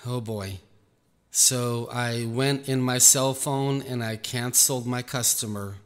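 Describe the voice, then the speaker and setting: A man, a Christian minister, telling a personal testimony in an earnest, halting way, repeating words as he goes. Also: medium pitch, fairly even intonation. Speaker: Christian minister recounting an experience. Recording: echoey room, faint music behind.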